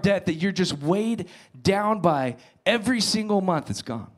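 Man preaching, fairly high voice, dramatic sermon, emphatic then hushed. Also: animated, measured pace, few pauses. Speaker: pastor.

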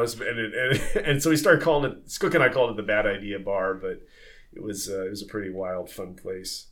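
A man who sailed on tall ships, telling stories in a casual podcast conversation, lively and full of fillers and restarts. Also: lowish voice, fast. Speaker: former tall ship sailor.

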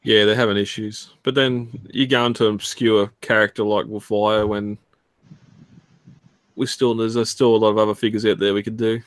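A man hosting a casual chat show, relaxed and laughing often. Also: lowish voice, normal speed, dry recording. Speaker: podcast host.

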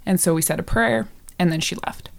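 A woman's voice: on the low side, fairly quick, vocal fry. A woman casually recounting events in an interview, chatty and full of fillers.

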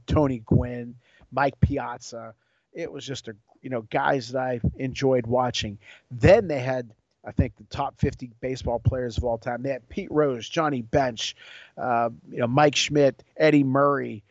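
A man's voice: medium pitch, a little mellow, no room sound, dull audio. A man hosting his own show, telling a personal story in a casual, rambling way with emotional turns and repeated words. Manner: ad read in sports jargon. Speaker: podcast host.

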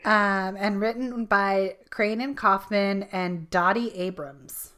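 A woman co-hosting a casual podcast, chatty and quick to laugh. She reads trivia questions aloud and riffs freely between them. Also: mid-range voice, fairly bright tone. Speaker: podcast co-host. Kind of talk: casual chat.

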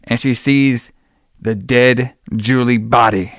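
A podcast host recaps a movie in casual chat, rambling through the plot scene by scene with lots of fillers and taking it slowly. His smooth, resonant voice keeps fairly even intonation but jumps higher and louder when he acts out a character's lines. It's recorded dry and close, with no room sound.

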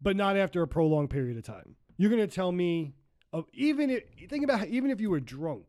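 A young adult man co-hosting a podcast, animated and joking, sometimes rushing into quick rambling runs. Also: high-pitched. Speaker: podcast co-host. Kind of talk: casual chat.

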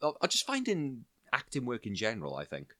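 A man hosting a podcast, in lively, chatty talk that backs up his guest. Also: medium pitch, fairly quick, no room sound, studio quality. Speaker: podcast host. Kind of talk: casual chat.

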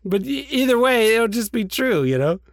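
A man co-hosting a podcast, chatting casually with quick reactions and jokes. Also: very high-pitched, sing-song, no echo, clean studio sound. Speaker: podcast co-host. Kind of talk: casual chat.

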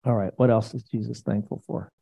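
A man pastor teaching in a casual, conversational way, animated and rambling, often speaking prayers aloud. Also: on the low side, brisk, vocal fry, breathy edge, rough recording.

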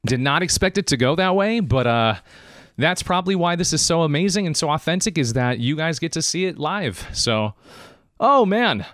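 A man hosts his podcast live, talking in a slightly high, very animated voice. He is emotional and choked up, and he drives his points home by repeating them. The sound is dry and close. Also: brisk, no room sound. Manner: emphatic, emotional, repeats phrases for emphasis. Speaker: podcast host. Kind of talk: live-streamed podcast monologue.

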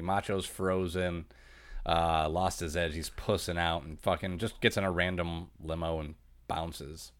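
A man co-hosting a casual podcast, adding quick, crude quips to the talk. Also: low voice, steady tone, no echo. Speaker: podcast co-host. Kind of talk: casual wrestling recap chat.

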